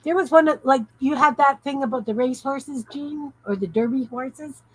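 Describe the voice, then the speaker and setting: A woman's voice: sits high, normal speed, poor audio. A woman hosting a casual crafting live stream, tired, rambling and giggling as she chats with viewers.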